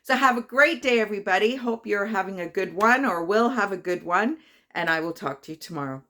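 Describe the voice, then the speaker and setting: A woman's voice: medium pitch, animated, fairly quick, sharp tone. A woman in her fifties, talking casually to her vlog viewers. She tells a personal story with feeling and many fillers. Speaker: vlogger.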